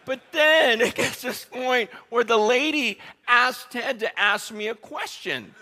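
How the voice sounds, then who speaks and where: A man preaching a humorous sermon story, animated and laughing often, speaking straight to his audience. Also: very high voice, unhurried, few pauses. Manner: addresses the audience directly.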